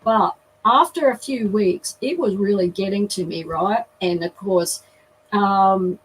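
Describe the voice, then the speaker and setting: A woman, a guest telling a lively story in an interview. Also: medium pitch, takes it slowly, distant mic, a little hiss or hum, poor audio.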